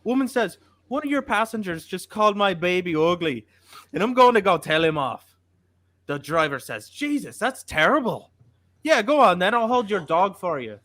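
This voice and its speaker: A man's voice: high-pitched, very animated, moderate pace, fairly bright tone, no echo, pitched above the performer's own voice. A man doing a put-on Irish accent as a teasing male heckler, roasting a listener on a podcast. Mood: mocking. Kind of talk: comedic impression on a podcast.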